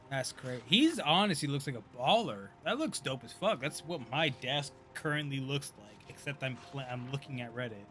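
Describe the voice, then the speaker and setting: A man in his thirties giving casual, profane live-stream commentary, chatty and quick to laugh. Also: mid-range voice, expressive, a bit bright, faint music behind. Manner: loose, profane, laughs often, chatty asides.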